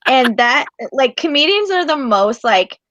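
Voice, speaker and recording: A woman's voice: high voice, sing-song, a little slow, a bit bright, no echo, highs cut off. A woman comedian and show regular, chatting and laughing over a video call. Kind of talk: casual chat.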